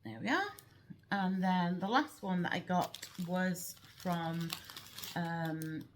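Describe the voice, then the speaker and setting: A woman in her thirties chatting casually in a craft vlog, rambling and filling pauses with ums. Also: on the low side, a little hiss or hum. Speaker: cross-stitch vlogger. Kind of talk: casual show-and-tell chat. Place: at home.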